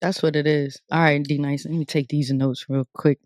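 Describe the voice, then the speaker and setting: A podcast host interviewing a guest casually, encouraging with frequent quick affirmations. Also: medium pitch, little pitch movement, a little mellow, no room sound, clean studio sound.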